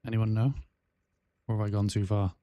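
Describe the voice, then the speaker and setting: A man's voice: lowish voice, level tone, moderate pace, mellow, no echo. A man with a South Welsh accent chatting casually on a gaming livestream, rambling with lots of fillers and restarts. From South Wales. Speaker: gaming streamer.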